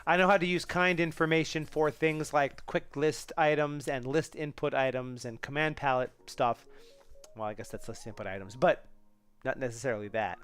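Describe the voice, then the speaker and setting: Smooth-voiced man thinking aloud on stream. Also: mid-range voice, fairly even intonation, normal speed, a bit bright, soft background music. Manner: thinks aloud, rambling with restarts and asides to chat. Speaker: live-stream host. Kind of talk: casual live coding stream chat.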